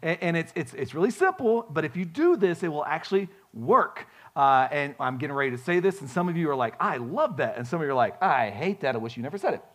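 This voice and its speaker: A male pastor preaching a sermon, folksy and animated, telling stories with frequent restarts. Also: on the high side, fast talker, few pauses. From grew up on a farm.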